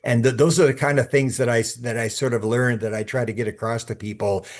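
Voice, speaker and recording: With a darkish tone and fairly even intonation, this medium-pitched man speaks at a quick pace. He's a podcast guest spinning casual stories, voicing the quotes himself while often backing up and repeating words.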